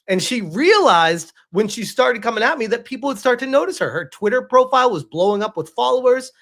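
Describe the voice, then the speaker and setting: Animated man commenting on a clip. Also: very high-pitched, a little fast, hardly any pauses. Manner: emphatic and animated, laughs often. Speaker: reaction commentator. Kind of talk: casual commentary on a played clip.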